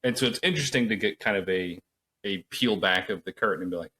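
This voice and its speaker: A man with a lowish voice chatting loosely on a podcast. He rambles through fillers and profanity and plays out little reactions as he tells things. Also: quick pace, sharp tone. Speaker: podcast co-host. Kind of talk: casual chat.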